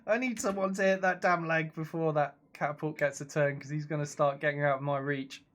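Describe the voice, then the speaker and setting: A young man streams a video game from his home computer, chatting casually as he reacts aloud to the action and reads out messages from viewers. His voice is fairly high and fairly bright, with fairly even intonation and a slightly quick pace.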